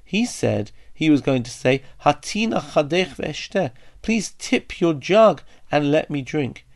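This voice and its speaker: A man giving a Bible study lesson, reading verses aloud and then translating and explaining them in a thoughtful way, with pauses and small restarts. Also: a little high, big pitch swings, vocal fry. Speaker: Bible teacher.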